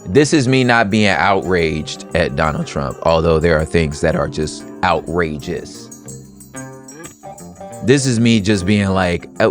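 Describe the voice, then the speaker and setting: A man hosting a podcast, giving casual, expressive commentary in a conversational way. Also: sits low, a little slow, soft background music. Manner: expressive and conversational, slips into playful quoted voices. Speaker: podcast host.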